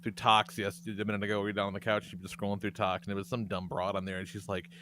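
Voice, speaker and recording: A man hosting a podcast, telling profane, animated stories in casual chat and laughing often. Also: on the low side, racing, slight background noise. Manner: profane, animated storyteller who laughs a lot. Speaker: podcast host.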